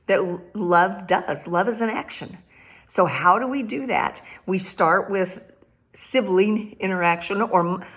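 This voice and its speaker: An older woman and grandmother giving a casual devotional talk, laughing often and repeating phrases for emphasis. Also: lowish voice. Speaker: Christian speaker.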